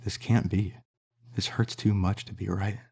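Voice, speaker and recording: A man's voice: lowish voice, fairly even intonation, unhurried, creaky, warm tone, slightly rough, full character voice. A man voicing a young man who speaks earnestly and confessionally to the woman he loves. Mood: anguished.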